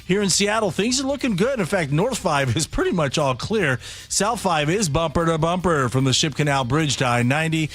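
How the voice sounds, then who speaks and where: Brief: male traffic reporter, fairly high voice, brisk upbeat broadcast read. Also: lively intonation, a bit bright. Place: radio studio.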